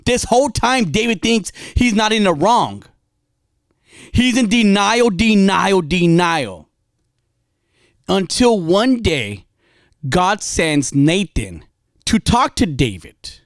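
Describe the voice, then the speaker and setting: A man preaches in a casual, dramatic storytelling style. His voice rises and falls widely, dropping low for confession and climbing high to urge. It is recorded close and dry, with no room echo. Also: sing-song, slow pace, pauses often. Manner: dramatic storytelling, confessional, swings from quiet to fiery. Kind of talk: impassioned spoken sermon.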